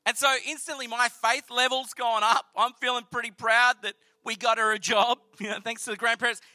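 Bright, high-voiced Australian man. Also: a little fast, no echo. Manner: earnest, conversational, animated retelling. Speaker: speaker sharing a personal testimony. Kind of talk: storytelling sermon.

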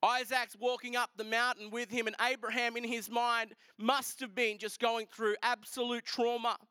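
A man preaching a sermon, retelling a scripture story in a lively, casual way with asides to the congregation. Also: very high voice, normal speed, clean tone, no echo. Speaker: pastor.

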